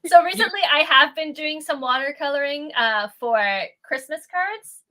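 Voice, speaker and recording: A woman's voice: high voice, normal speed, bright, forceful tone. A woman guest artist chatting casually about her work, hesitant and self-deprecating, with many fillers. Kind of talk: casual chat.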